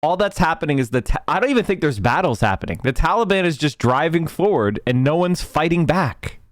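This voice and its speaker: Man, political streamer, lively swooping voice, sarcastic, swears a lot, dry close sound. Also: on the high side, a little fast, dry recording. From United States. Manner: profane, sarcastic and animated. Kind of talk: livestream commentary on news clips.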